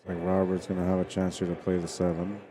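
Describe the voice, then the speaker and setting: A man's voice: sits low, completely flat delivery, quick pace, dark tone. A man giving casual, chatty commentary on a pool stream, talking to viewers and laughing. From Spanish heritage.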